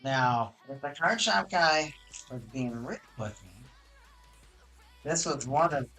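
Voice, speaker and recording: Excitable streamer on a hot mic. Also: medium pitch, slow pace, soft background music. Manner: excitable and chatty, with frequent restarts and self-corrections. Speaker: card game streamer. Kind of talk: casual live-stream chat while opening card boxes. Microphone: hot desk microphone with high gain.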